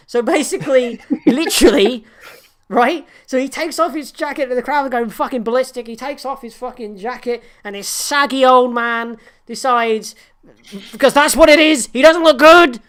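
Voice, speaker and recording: A woman co-hosting a wrestling podcast, giving an animated, profane recap broken up by laughter. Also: on the high side, normal speed. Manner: animated, sweary ranting with laughter. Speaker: podcast co-host.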